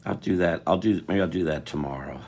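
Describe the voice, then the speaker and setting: A man's voice: sits low, fairly quick, a little mellow, faint music behind. An older man chatting on a live stream while he draws, rambling and interrupting himself, tired. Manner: meandering, self-interrupting, chatty.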